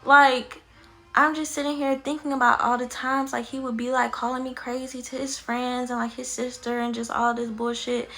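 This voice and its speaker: Young woman vlogger, higher voice, crisp and bright, candid and profane storytelling. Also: moderate pace. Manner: animated, blunt and profane, many fillers.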